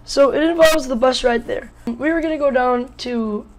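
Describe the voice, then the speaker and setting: A boy in his early teens from Wisconsin tells a storytime vlog in a slightly hoarse voice. He jokes and rambles, filling his talk with "like.". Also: very high voice, moderate pace, low-quality recording. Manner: jokey, rambling, lots of "like" fillers. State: a little hoarse. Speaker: vlogger.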